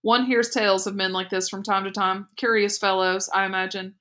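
A woman reading the part of a stern, commanding military father who questions others in a cold, probing, sharp way, in a read-aloud story. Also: sits high, flat delivery, brisk. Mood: menacing.

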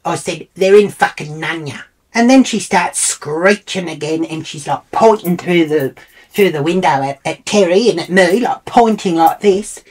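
Low-voiced, foul-mouthed Australian woman. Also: moderate pace, a little mellow, slightly rough. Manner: brash, foul-mouthed, indignant. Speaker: comedic storyteller. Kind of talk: comic monologue.

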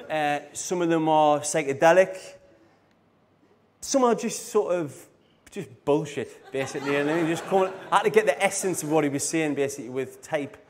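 A middle-aged man, telling rambling anecdotes in a casual conference talk and often laughing. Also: on the high side. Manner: rambling, laughs often, fillers like "you know what I mean". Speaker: speaker at a design conference. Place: live talk on a stage.

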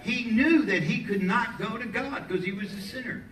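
A male pastor preaching a sermon in a church, lively and joking with the congregation between points. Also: very high voice, normal speed. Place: church sanctuary. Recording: echoey hall, mic at a distance, faint ambience.

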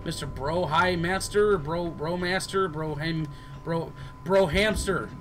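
A man's voice: a little high, slow, a bit bright, soft background music, poor audio. A man giving casual gameplay commentary as a let's player, goofy and joking, chatting to the characters on screen. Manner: goofy, jokes and talks to game characters.

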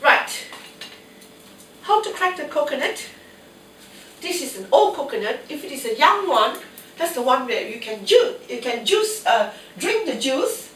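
A woman with a cold runs a casual cooking demo alone in her home kitchen, chatting to herself as she goes. Her high voice is very animated, a little slow, and fairly bright. The recording is echoey, with the mic at a distance and faint noise.

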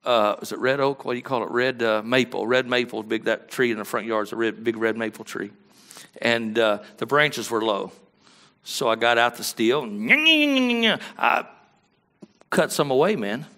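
Male pastor, folksy storyteller, bright ringing tone. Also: medium pitch, moderate pace. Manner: storytelling, rises to loud animated peaks; folksy, conversational delivery. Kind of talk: sermon.

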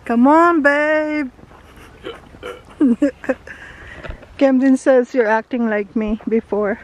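A woman's voice: high voice, steady tone, extremely slow, lo-fi sound, slight background noise. A woman chatting casually while hiking uphill on an outdoor trail, out of breath and laughing often, recorded on a handheld camera. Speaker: vlogger and mother. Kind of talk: casual family vlog chat mixing English and Tagalog.

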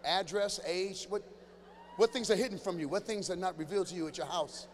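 A male stand-up comedian riffing with someone in a live audience, teasing loudly and breaking into sudden shouted bursts. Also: sits high, brisk. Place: large church hall before a live audience. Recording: reverberant hall with faint ambient noise.

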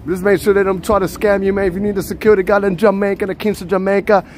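A man's voice: high voice, level tone, moderate pace, a little hiss or hum, voice pushed up, lightly acted. A man putting on a mock Jamaican street guy who is boastful and playfully threatening, outdoors on a city street.

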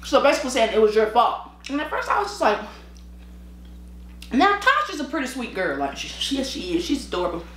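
A little high and brisk, this tired woman runs a mukbang, chatting casually as she eats and telling animated, slangy stories with frequent laughter. She eats and sips between sentences. Her own mic adds a slight hiss or hum, and the room is echoey.

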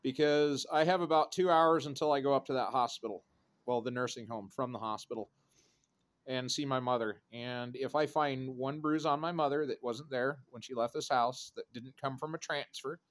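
A man in his thirties rambling through a profane, sardonic vlog rant with dark jokes. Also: medium pitch, normal speed. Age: 30s. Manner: sardonic, profane, darkly joking. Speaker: vlogger.

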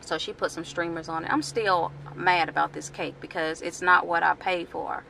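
A woman's voice: lowish voice, fairly even intonation, moderate pace, vocal fry, pushed and bright, slight background noise. A middle-aged woman, chatting animatedly and indignantly in a casual vlog from her home kitchen, recorded on a handheld camera. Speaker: vlogger.

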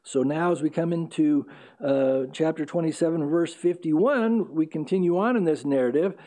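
Earnest preaching man, soft dark voice. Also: a little high, moderate pace. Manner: earnest expository preaching with fillers and self-corrections. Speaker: pastor. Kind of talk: sermon. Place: church sanctuary.

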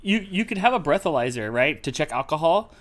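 A man's voice: on the high side, very animated, fairly quick, a bit bright. A man hosting a casual gaming stream, joking with friends and reading viewer messages aloud. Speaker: streamer host.

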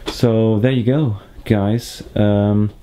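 A young man talks easily to his viewers, drifting between thoughts with plenty of fillers. His voice sits fairly low, with a mellow, darker tone. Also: fairly even intonation, extremely slow, clean tone. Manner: chatty, laid-back, rambling with fillers. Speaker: motorcycle vlogger. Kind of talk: casual vlog chat to camera.

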